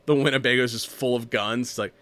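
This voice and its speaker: A man's voice: medium pitch, fairly even intonation, fast, fairly bright tone. A man casually recapping a movie on a podcast, rambling, laughing often and acting out the lines. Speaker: podcast co-host.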